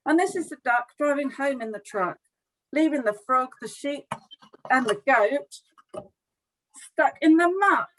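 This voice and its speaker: Over a video call, a middle-aged woman leads a children's storytime, reading a picture book aloud in a lively, expressive, friendly manner. Her voice sits high and her pace is moderate, though the audio quality is poor.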